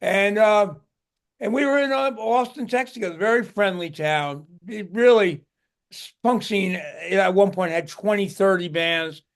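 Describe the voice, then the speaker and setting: A man's voice: sits high, a little slow, vocal fry. An older man, a guest musician, tells stories in a casual interview, rambling and restarting his words.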